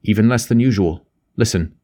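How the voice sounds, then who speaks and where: A man voicing a quiet, clipped young politician. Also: lowish voice, a little fast, lightly acted. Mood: subdued. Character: young ambitious male politician, restrained.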